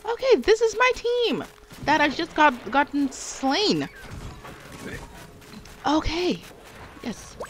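A woman's voice: sits high, big pitch swings, takes it slowly, long pauses. A woman streaming a video game, talking to herself as she plays and breaking into panicked shrieks when attacked. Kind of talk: live gameplay commentary.

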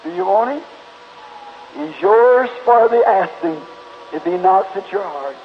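A man's voice: high-pitched, animated, a little slow. A man preaching an altar call and closing in prayer, pleading fervently with the congregation at a church meeting. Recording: dull lo-fi 1950s tape, faint hiss.

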